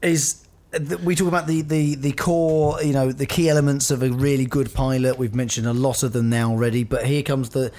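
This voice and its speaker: A man's voice: medium pitch, flat delivery, brisk, hardly any pauses, warm tone. A man co-hosting a podcast, chatting casually as an enthusiastic, rambling reviewer. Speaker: podcast co-host.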